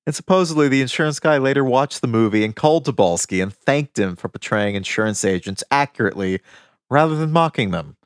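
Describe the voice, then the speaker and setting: A man's voice: medium pitch, fairly quick, clear, resonant tone, no echo. A man on a podcast rattles off film trivia with real enthusiasm, and his voice rises and falls a lot. He laughs easily. The sound is dry and close, with no room behind him. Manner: animated, enthusiastic, laughs often. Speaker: podcast co-host. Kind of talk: casual film-trivia chat.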